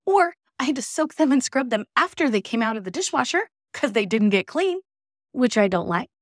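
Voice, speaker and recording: Woman podcast host, middle-aged, a bit high-pitched, with emphatic and exasperated storytelling. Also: big pitch swings, a little fast, no echo, clean studio sound. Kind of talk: personal monologue podcast.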